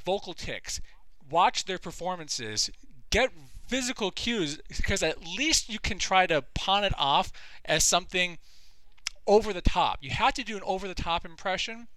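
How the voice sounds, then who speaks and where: Animated, exasperated man ranting. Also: high-pitched, no room sound. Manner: profane, exasperated and emphatic. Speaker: podcast host. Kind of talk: comedic rant.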